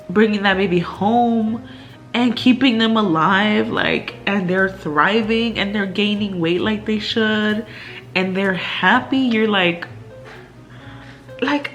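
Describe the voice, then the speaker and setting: A woman's voice: mid-range voice, a little slow, a bit bright, soft background music. A young woman vlogger talking candidly at home in a chatty way, with lots of fillers and laughs. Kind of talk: casual chat. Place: indoors at home.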